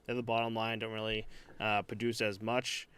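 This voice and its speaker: A man's voice: fairly low pitch, flat delivery, normal speed, a bit bright, clear, resonant tone. A man co-hosting a podcast in casual sports chat, rambling and hesitant with frequent fillers and restarts. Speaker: podcast co-host.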